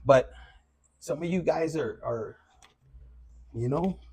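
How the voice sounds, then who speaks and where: A man with a fairly high, husky, darkish voice speaks slowly. He's a tarot reader giving a loose, profane, casual collective reading, mixing in Spanish slang.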